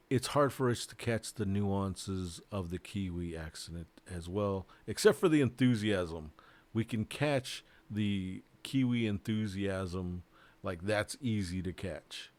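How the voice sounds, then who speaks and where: A man's voice: sits low, darkish tone. A man, a board game designer, chatting casually and rambling, joking and swearing as he talks. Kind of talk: casual livestream chat.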